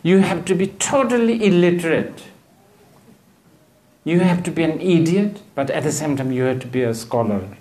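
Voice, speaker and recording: A man giving a dharma talk as a Buddhist teacher. He rambles, hunts for words, and fills the gaps with "you know," with gently humorous asides. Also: on the high side, expressive, normal speed. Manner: digressive, searching for words, frequent "you know".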